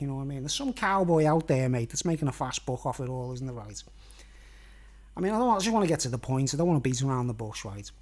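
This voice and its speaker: A man's voice: medium pitch, darkish tone. A middle-aged man, talking to camera in a meandering monologue that keeps circling back with "you know what I mean". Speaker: vlogger.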